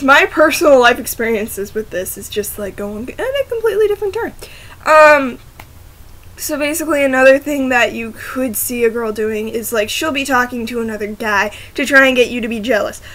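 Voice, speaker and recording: A woman's voice: a little high, moderate pace, sharp tone. A woman chatting casually to her laptop camera, rambling, giggling and often restarting her sentences to apologize. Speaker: vlogger. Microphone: laptop camera microphone.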